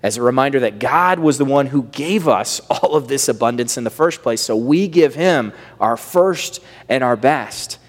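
A man's voice: mid-range voice, expressive, normal speed, few pauses. Man preaching in a reverberant hall. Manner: wide swings of loudness, dropping to near-whisper on key phrases. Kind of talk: sermon. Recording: long reverb of a large hall.

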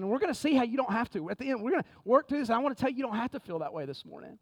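A man preaching a sermon in a conversational, energetic way, often saying "man". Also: very high-pitched, racing, few pauses, no room sound. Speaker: pastor. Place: church sanctuary.

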